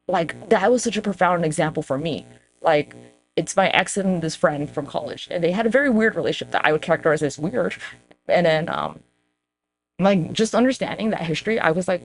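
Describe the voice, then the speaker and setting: A woman hosting a podcast in a casual, rambling monologue, swearing freely and jumping up in pitch for emphasis. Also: slight background noise. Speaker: podcast host.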